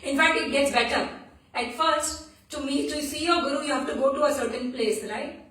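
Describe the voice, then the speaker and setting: A woman with a high, fairly bright voice speaks at a moderate pace while giving a devotional class on scripture at a temple. She tells stories with earnest feeling and restarts often. The temple hall sounds echoey, captured from a distance.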